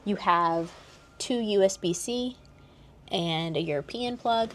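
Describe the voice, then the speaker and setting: Walking viewers slowly through a cruise ship cabin, a young vlogger from the United States points out features and laughs softly. She speaks at a medium pitch, and a little background noise is audible.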